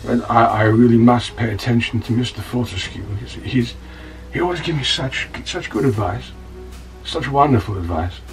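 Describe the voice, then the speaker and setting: A man's voice: mid-range voice, far from the mic, faint music behind, natural voice. A man whispering as a paranoid British oddball. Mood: hushed. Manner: hushed, slow, breathy whispering.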